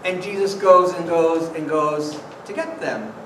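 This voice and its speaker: A priest telling a playful children's story in church and coaxing the kids with questions. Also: male voice, fairly high pitch, measured pace, a bit bright. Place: church sanctuary. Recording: echoey church from far off, noisy.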